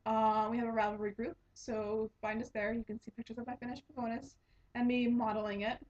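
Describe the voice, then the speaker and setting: A woman's voice: a little high, flat delivery, brisk, a little mellow. A young woman hosting a casual knitting podcast, telling a rambling story with lots of giggles and restarts. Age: young adult. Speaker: podcast host and resident assistant. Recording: dull lo-fi home recording.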